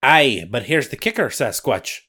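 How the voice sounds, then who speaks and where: A man's voice: mid-range voice, expressive, unhurried, sharp tone, slightly rough, full character voice. Brief: man doing a Scottish lake monster storyteller for a comedy podcast bit, theatrical and lilting. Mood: dramatic storytelling. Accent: put-on Scottish. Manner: dramatic narrating, rolled-up storytelling. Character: Loch Ness monster, male storyteller, sly.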